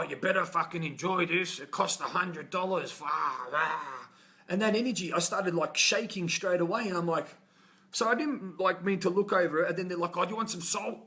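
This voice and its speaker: A man's voice: fairly high pitch, fairly bright tone. A man giving a fervent, profane motivational talk on a live stream from a hotel room. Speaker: motivational coach. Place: hotel, indoors.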